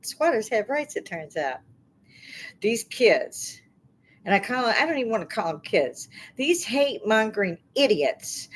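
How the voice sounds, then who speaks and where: A woman's voice: on the high side, sing-song, measured pace, a little hiss or hum. A middle-aged woman hosting her own talk stream, ranting angrily about politics with heated, indignant outbursts. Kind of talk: angry political rant.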